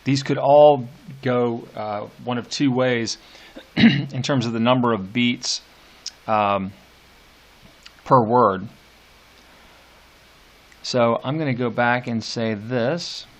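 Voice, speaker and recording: A man with a mid-range voice gives a classroom lecture on poetry, unhurried, hesitant, and full of fillers. When he reads lines of verse, he does so slowly and deliberately.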